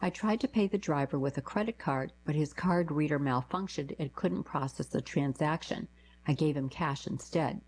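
Female narrator with a deep voice and a calm, even delivery for short-story readings. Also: moderate pace, slight background noise, low-quality recording. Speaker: narrator reading diary letters. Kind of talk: scripted narration.

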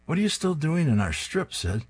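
A man reading aloud and voicing a brisk, exasperated woman from a comic strip. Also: on the high side, sing-song, slightly rough, pitched above the performer's own voice.

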